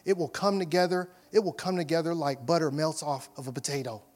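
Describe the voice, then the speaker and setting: A male pastor preaching in a high, ringing voice. He punches questions at the congregation and then drops to quiet, intimate asides. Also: fairly even intonation, brisk. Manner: emphatic preaching, rising to loud questions, dropping to soft asides. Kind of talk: sermon.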